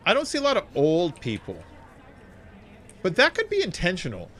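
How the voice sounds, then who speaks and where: Male streamer, rambling and profane, lively pitch, casual gameplay talk. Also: moderate pace, a little hiss or hum. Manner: rambling, profane, animated storyteller. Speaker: game streamer.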